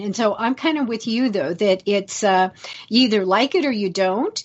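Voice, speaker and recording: Affirming woman radio host, muffled audio. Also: mid-range voice. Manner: affirming, conversational. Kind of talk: radio interview chat.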